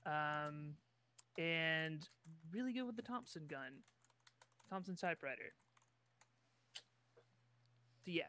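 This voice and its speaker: A man doing a halting mechanic with wavering accent. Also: a little high, pushed and bright, smooth. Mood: cheerful. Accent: wavering put-on Boston accent. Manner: halting, with many fillers. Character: cheerful young male mechanic from New Jersey.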